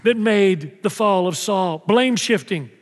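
High-voiced preaching pastor in a reverberant hall. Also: male voice, slow pace, a faint crowd. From Mexico. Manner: lively preaching, acting out scenes. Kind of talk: sermon.

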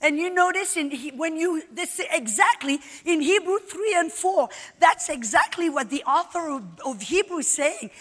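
A woman's voice: sits high, animated, unhurried, hardly any pauses, fairly bright tone, in a large hall. A woman Bible teacher preaching a sermon at a live event. She speaks emphatically and repeats her phrases with rising force. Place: large hall at a live event.

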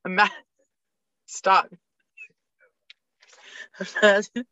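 Fired-up woman, bright voice. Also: medium pitch, little pitch movement, very slow, no echo. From Canada. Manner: fired-up ranting, rattling off stats. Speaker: podcast guest. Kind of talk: casual sports chat. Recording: dull lo-fi dry recording.

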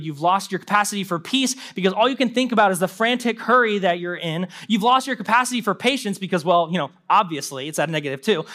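A young adult man, a pastor, preaching a sermon with animated storytelling and mimicked voices. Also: high voice.

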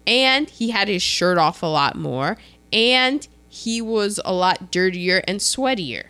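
A woman co-hosting a casual chat, recapping a film in an animated way and acting out characters' lines. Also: measured pace. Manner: chatty, animated, quotes characters in a lowered voice. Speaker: podcast co-host.

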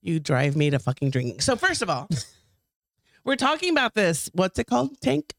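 Brash, profane woman with a lively voice. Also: on the low side, moderate pace, gravelly, no room sound, clean studio sound. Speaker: podcast co-host. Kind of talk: casual banter.

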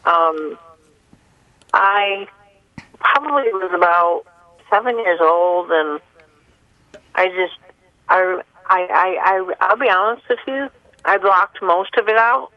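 A woman calling in to a radio show, speaking haltingly with many pauses and fillers. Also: fairly low pitch, no room sound. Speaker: caller. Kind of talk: call-in radio confession. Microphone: telephone. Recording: muffled phone line.

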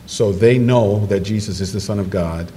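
Male preacher in an echoing church hall. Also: moderate pace. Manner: animated storytelling, rising to high excited pitch in quoted voices. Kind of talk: sermon. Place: church sanctuary. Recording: distant microphone in a reverberant church hall with noise.

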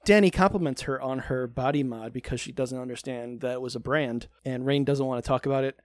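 A man's voice: mid-range voice, brisk, no echo. A man co-hosting a podcast, recapping a TV show in casual, sarcastic chat and swearing freely.

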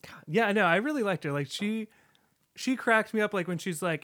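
A man chats eagerly about a film, tumbling through restarts and fillers as he acts out scenes. His voice sits a little high. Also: a little fast, creaky. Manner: animated, lots of fillers, restarts and quoted lines. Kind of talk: casual film review chat.

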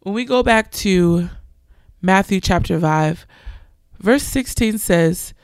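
A woman's voice: medium pitch, expressive, slow, no echo, studio quality. A young woman preacher, giving an earnest sermon testimony and animatedly quoting others.

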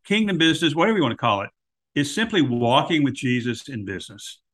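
A man's voice: mid-range voice, expressive, fast talker, fairly bright tone. Reflective man with a mid-range voice. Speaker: podcast guest.

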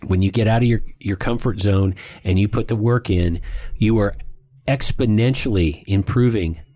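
A man's voice: fairly low pitch, moderate pace, dark tone, dry recording. A man co-hosting a podcast in casual talk, earnest and emphatic, often repeating his words. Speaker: podcast co-host.

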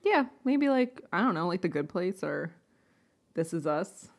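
A woman's voice: lowish voice, sing-song, a little slow. Easygoing woman podcast co-host. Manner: easygoing, lots of filler "like". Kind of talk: casual chat.

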